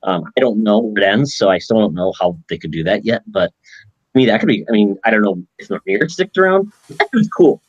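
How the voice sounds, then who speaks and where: Husky guy on a podcast, lively pitch, dry close sound, kinda hesitant. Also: a little fast, no echo, lo-fi sound. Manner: hesitant, musing speculation. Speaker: podcast co-host. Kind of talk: casual chat.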